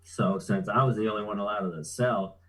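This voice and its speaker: Laid-back, profane man with a low voice. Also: fairly even intonation, a little fast, fairly bright tone, low-quality recording. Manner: laid-back, profane, chuckles while telling. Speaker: guest. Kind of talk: casual storytelling.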